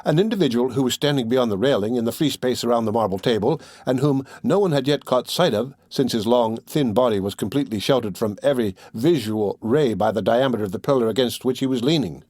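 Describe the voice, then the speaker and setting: A man narrating a classic novel aloud in a measured, even audiobook reading. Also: mid-range voice, no room sound, studio quality.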